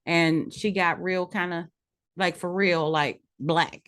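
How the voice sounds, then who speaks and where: A woman's voice: on the low side, fairly even intonation, takes it slowly, fairly bright tone. A woman co-hosting a casual chat recapping reality TV, frank and opinionated with a dry edge. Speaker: podcast co-host.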